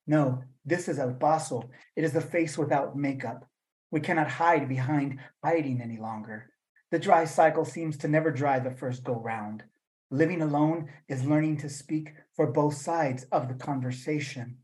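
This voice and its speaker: A man reading his own poems and then talking about them, in a measured voice for the verse and a loose, rambling one with fillers for the talk, over a video call. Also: a little high, darkish tone, low-quality recording. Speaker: poet reading his work. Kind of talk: poetry reading and talk at a virtual event.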